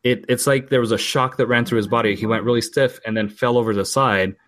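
A man's voice: mid-range voice, fairly even intonation, quick pace, fairly bright tone, no room sound. A man in his forties from Portugal, telling a family ghost story in a casual, rambling way, with restarts and quoted voices.

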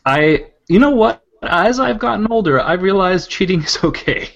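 A man co-hosting a casual podcast, delivering wry deadpan one-liners. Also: high voice, moderate pace, gravelly, lo-fi sound. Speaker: podcast co-host.

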